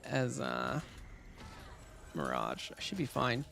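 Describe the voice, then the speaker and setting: A man's voice: mid-range voice, wildly swooping pitch, slow pace, vocal fry, fairly bright tone, faint music behind. A man chatting casually and rambling with lots of fillers as he streams a game. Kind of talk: casual gaming stream chat.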